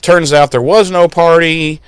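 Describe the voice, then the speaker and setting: Man, podcast co-host, smooth clear voice, dry close sound, casual swearing recap. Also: a little high, measured pace, no echo. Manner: animated storytelling, swears freely, acts out lines.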